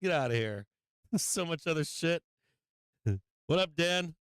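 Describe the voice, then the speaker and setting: A man's voice: fairly high pitch, lively intonation, unhurried, a bit bright, smooth, no room sound. A man hosting a live stream, ranting casually with lots of swearing and frequent laughs. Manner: profane, laughing often, rambling.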